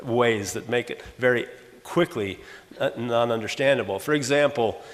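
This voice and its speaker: Older man, conference lecturer, mid-pitched voice, explains by example, restarts his sentences, long hall reverb. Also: moderate pace. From Los Angeles, USA. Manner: explanatory, works through examples, frequent self-corrections. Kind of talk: academic lecture.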